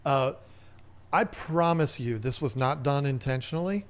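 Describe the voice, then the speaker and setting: A man's voice: medium pitch, a little slow. A man hosting a casual livestream Q&A, chatting in a rambling way and reading viewer comments aloud. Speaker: host.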